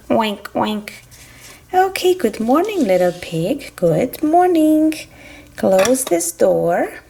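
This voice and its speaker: A woman's voice: on the high side, vocal fry, dark tone, slight background noise. A young woman narrating a toy farm play for children, sing-song and full of animal sounds.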